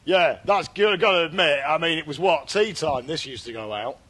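Man, high-pitched, deadpan, comic chat co-host, mock French bits. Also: brisk, slightly rough. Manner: deadpan, puts on silly French accents. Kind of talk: comedic banter.

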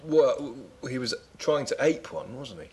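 A man's voice: medium pitch, big pitch swings, a little slow, a little mellow. A man in his forties co-hosting a comedy chat with dry, mock-serious wit. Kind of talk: comedic banter.

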